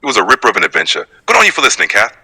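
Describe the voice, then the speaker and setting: A man's voice: on the low side, wildly swooping pitch, racing, bright, forceful tone, breathy edge. A synthetic male AI assistant voice with an Australian accent, telling a short folksy story. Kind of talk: text-to-speech storytelling.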